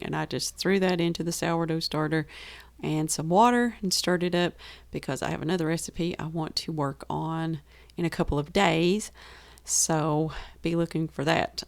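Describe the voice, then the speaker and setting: Chatty gravelly Southern US woman. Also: on the low side, dry recording. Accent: Southern US rural. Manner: chatty and enthusiastic, laughs easily. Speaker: homestead baking vlogger. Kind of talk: casual voice-over narration.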